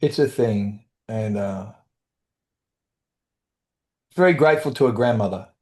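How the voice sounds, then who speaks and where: Middle-aged male guest, warm low-key timbre, halting storyteller, quotes others in passing. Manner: halting, with restarts and brief quoted voices. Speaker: guest, author and trauma survivor. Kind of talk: candid storytelling in conversation.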